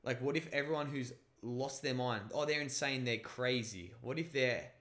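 A man's voice: medium pitch, moderate pace. A man in casual chat, animatedly telling a story and musing about whether reality is fake. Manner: animated storyteller, acts out voices.

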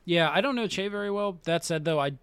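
A male podcast co-host speaks fast in a slightly higher voice. He agrees readily and often restarts his sentences, and the sound is close and dry. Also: fairly bright tone, clean tone, no echo. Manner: agreeable, quick, hesitant starts. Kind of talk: casual podcast chat.

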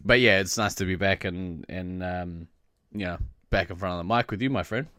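A man co-hosting a podcast in casual chat, his voice a little rough from being sick, laughing often and rambling with many fillers. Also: low voice, moderate pace, bright, forceful tone, dry recording, clean studio sound. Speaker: podcast co-host.

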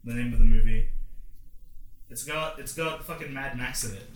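A young man chats on a podcast with a bright, forceful voice, excitable and quick to swear. The room around him is echoey, with a faint hum of ambience behind. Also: mid-range voice. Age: young adult. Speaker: podcast host. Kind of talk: casual chat.

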